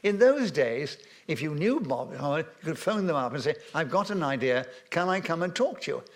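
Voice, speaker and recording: A man's voice: fairly high pitch, sing-song, normal speed. An older man telling stories on a festival stage, rambling with many ums and restarts, and chuckling at his own anecdotes. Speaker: veteran broadcaster and guest. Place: festival stage before an audience.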